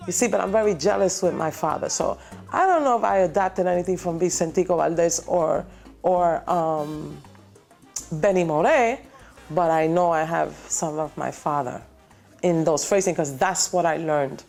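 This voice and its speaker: A woman's voice: fairly low pitch, moderate pace, vocal fry, faint music behind. A woman singer in a documentary interview, speaking animatedly and singing bits of lyrics. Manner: animated, sings lyric snippets while explaining. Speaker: singer, daughter of a singer.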